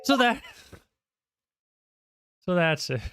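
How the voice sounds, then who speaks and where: A man voicing a pompous eccentric detective who lectures grandly about his deductions, in a lowered, drawn-out voice. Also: very animated, music in the background, full character voice. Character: pompous eccentric great detective, male adult.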